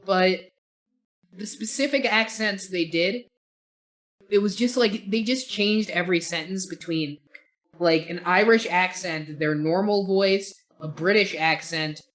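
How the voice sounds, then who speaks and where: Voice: medium pitch, unhurried, fairly bright tone. Opinionated podcast co-host reviewing a film. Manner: rambling, opinionated, swears casually. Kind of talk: casual film review chat.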